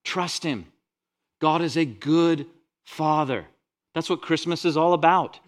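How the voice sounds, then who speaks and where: A man pastor preaching a sermon, rising loud on scripture and dropping quiet for asides. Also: fairly high pitch, slow pace.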